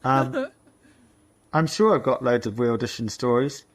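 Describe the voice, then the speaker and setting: A man's voice: mid-range voice, big pitch swings, a little slow. Hesitant man on a podcast. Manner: hesitant, stumbles and repeats words. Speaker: guest, co-founder of an audition platform. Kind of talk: casual podcast conversation.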